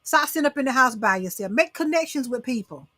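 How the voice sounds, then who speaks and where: Middle-aged woman host, bright, dry close sound, preachy and coaxing with her audience. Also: high voice, expressive, fast, no room sound. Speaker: talk show host. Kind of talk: casual motivational talk to live viewers.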